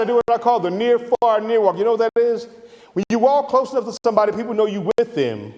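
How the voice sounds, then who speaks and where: A middle-aged man from Atlanta, giving a lively, conversational storytelling lecture. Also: high voice. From Atlanta, Georgia. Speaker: guest lecturer. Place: lecture hall. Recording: reverberant lecture hall.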